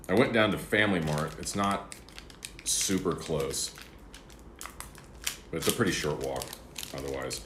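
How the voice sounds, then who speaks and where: Very deep-voiced man chatting over breakfast. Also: noisy background. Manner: rambling, chatty, eating between words. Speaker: livestreamer. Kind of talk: casual chat. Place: apartment room. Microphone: streaming setup. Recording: roomy apartment echo.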